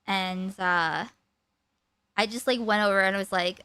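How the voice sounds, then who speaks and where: A woman streamer telling a personal story in a rambling, animated way. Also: medium pitch, unhurried, long pauses, smooth, no room sound. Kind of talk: casual storytime chat.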